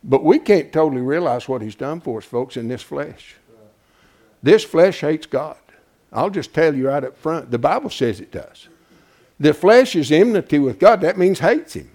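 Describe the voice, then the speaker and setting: A man with a high voice preaches a homespun Bible teaching sermon. He keeps quizzing the congregation and drawing answers from them. He drops to hushed asides, then rises to loud, emphatic peaks. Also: lively intonation, moderate pace. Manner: asks the congregation questions and draws answers; homespun and colloquial, with frequent "folks" and "ain't".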